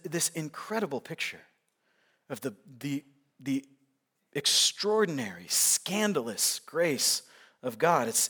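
A man preaching a sermon, swinging from loud, emphatic lines to hushed, quiet ones as he works through a passage. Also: a little high. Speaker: pastor.

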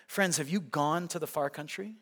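A man preaching a sermon, swinging from loud, emphatic lines to hushed, quiet ones as he works through a passage. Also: a little high, moderate pace. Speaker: pastor.

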